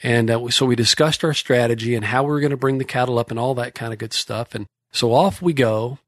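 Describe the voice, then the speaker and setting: A man's voice: mid-range voice, brisk, dry recording. A man from Texas, a horsemanship clinician telling a folksy, rambling story with frequent restarts.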